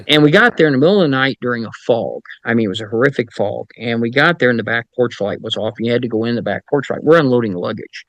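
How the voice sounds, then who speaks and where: A man's voice: mid-range voice, animated, quick pace, fairly bright tone, no echo, low-quality recording. Dry-voiced middle-aged man telling stories. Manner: wry anecdotes with mild profanity. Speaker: paranormal investigator, podcast guest. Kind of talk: casual storytelling.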